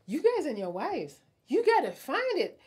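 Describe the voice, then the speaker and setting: A woman's voice: sits high, wildly swooping pitch, moderate pace, a little mellow. A young adult woman hosting a casual live stream, reading out viewer comments and answering them bluntly with a teasing tone. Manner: blunt, teasing, laughs often.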